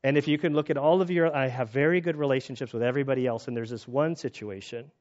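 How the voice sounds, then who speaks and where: A man preaching a sermon, telling stories with animated retellings and laughter. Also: medium pitch, fast talker, lo-fi sound. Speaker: pastor.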